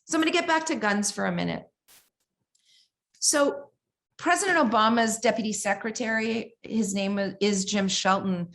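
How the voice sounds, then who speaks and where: A woman giving a keynote talk at a conference, telling stories in an animated way and often asking "right?" and "you know". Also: a little high. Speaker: keynote speaker.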